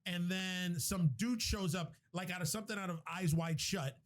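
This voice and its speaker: A podcast host with a high voice retells a movie plot at a moderate pace. He rambles, swears freely, and keeps restarting his sentences in this casual recap chat.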